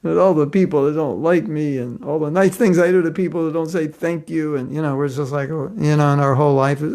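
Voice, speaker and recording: A man leads a devotional class in a relaxed, conversational storytelling manner, often breaking into a chuckle. His voice sits a little high and has a gravelly fry to it. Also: fairly quick, few pauses. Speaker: spiritual teacher.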